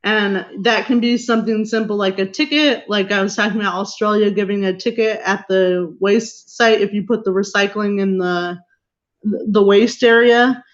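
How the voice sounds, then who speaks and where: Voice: medium pitch, steady tone, normal speed. A guest speaker presenting a lecture on a video call, explaining steadily with occasional fillers. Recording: muffled video call audio.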